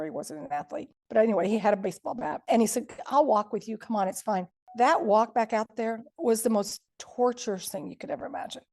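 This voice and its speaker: A woman's voice: mid-range voice, vocal fry, a little mellow. A woman, a podcast guest, vividly retelling a frightening personal story and acting out the quotes.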